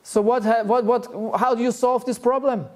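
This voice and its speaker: A man giving a relaxed devotional talk to a group, chuckling often as he tells stories. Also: extremely high pitch, moderate pace. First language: German. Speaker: spiritual teacher.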